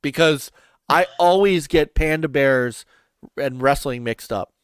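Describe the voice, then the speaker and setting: A man guesting on a gaming podcast, chatting excitably and often breaking into laughter. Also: a little high, measured pace, clear, resonant tone, no echo, clean studio sound. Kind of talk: casual chat.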